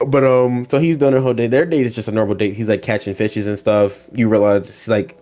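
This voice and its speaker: A man's voice: lowish voice, fairly quick, soft background music. A man hosting a casual anime podcast, retelling episodes and acting out characters' lines. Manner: animated storytelling, acts out characters' lines, laughs often. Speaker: podcast host. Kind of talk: casual anime recap chat.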